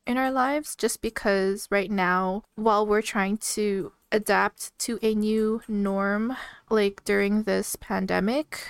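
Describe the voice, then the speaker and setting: A young woman co-hosting a podcast, speaking in a reassuring, fairly even tone with frequent laughs. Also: mid-range voice, slow, smooth, no room sound. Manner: reassuring, even-toned, giggly chat. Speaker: podcast co-host. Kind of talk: casual chat.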